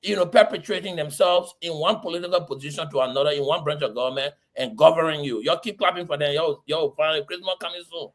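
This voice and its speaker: A man's voice: a little high, fast, few pauses. A middle-aged man from Liberia, arguing heatedly in a political discussion with repeated rhetorical questions. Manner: impassioned, repetitive, rhetorical questions. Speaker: panelist.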